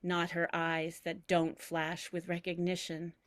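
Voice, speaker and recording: A woman reading aloud from her personal memoir, measured and reflective, with deliberate pauses. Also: lowish voice, monotone, dry recording. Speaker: memoir reader.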